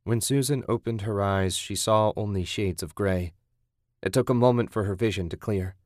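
A man reading a horror story aloud in a steady, measured narration. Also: fairly low pitch, no echo, clean studio sound. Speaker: audiobook narrator.

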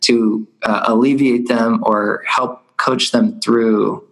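A man's voice: mid-range voice, steady tone, takes it slowly, low-quality recording. A man hosting a podcast conversation, thinking aloud in a loose, rambling way. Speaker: podcast host. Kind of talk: casual conversation.

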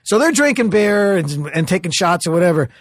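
A middle-aged man, a comedian guest, telling stories in animated, casual chat, swearing and restarting as he goes. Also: high voice, fairly quick, no room sound, clean studio sound.

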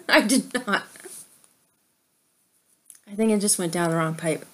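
A woman's voice: medium pitch, animated, takes it slowly, background noise. Dry-witted woman podcast co-host. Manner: dry, teasing reactions. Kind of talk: casual chat.

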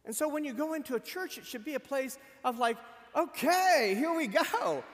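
A middle-aged man, a pastor preaching at a memorial service, telling a story with animated swings from loud emphasis to quiet. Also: very high voice, normal speed. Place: church sanctuary. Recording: long reverb of a church hall.

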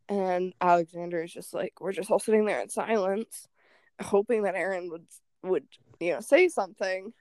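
Young woman podcast host, casual and animated, acts out the quotes; mid pitch, dry recording. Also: moderate pace, no room sound. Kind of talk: casual storytelling chat.

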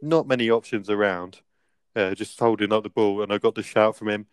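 A man's voice: fairly low pitch, fairly even intonation, brisk, clear, resonant tone, no echo. A young man casually telling a rambling anecdote as podcast co-host, laughing often. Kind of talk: casual storytelling.

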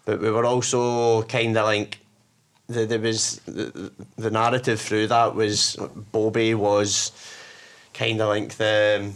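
Scottish male musician guest, fairly low voice, easygoing storyteller who rambles. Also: little pitch movement, takes it slowly. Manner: rambling, with many fillers and restarts. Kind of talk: casual conversation.

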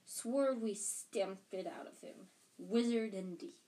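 A woman's voice: medium pitch, slow, dark tone, far from the mic, natural voice, low-quality recording. A woman reading a storybook aloud, voicing a scornful, blustering middle-aged uncle.

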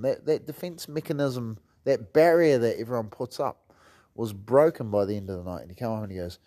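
Warm and a little fast, a medium-pitched male voice with a New Zealand accent belongs to a martial arts gym coach. He rambles loosely through casual stories, full of fillers, and swears without holding back.

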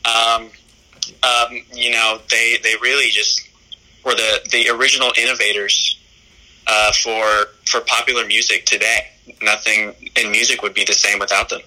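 Young man, phone-in podcast guest, friendly, halting, lots of fillers, very bright tone. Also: fairly low pitch, little pitch movement, poor audio. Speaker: guest caller. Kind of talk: casual chat. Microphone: over a phone call.

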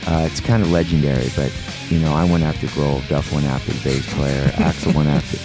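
A man's voice: extremely low pitch, level tone, a little fast, over music. A middle-aged man telling rock touring stories in a laid-back, laughing way. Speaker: guest drummer. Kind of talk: casual interview storytelling.

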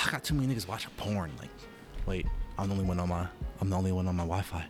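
A man's voice: sits low, fast, over music. A man talking casually to his viewers in a rambling, profane monologue that keeps interrupting itself. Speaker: vlogger.

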